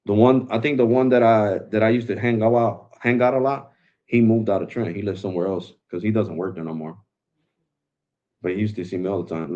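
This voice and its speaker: A man's voice: fairly low pitch, brisk, mellow. A man hosting a tech live stream, talking casually and loosely, calling viewers bro. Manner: laid-back, slangy, calls viewers bro. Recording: dull lo-fi sound.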